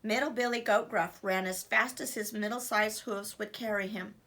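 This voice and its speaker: A woman teacher reading a storybook aloud to children in an expressive, animated way. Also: mid-range voice, normal speed.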